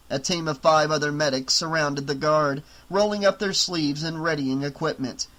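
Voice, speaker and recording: A man narrating an audiobook in a steady, even storytelling voice. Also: on the high side, moderate pace.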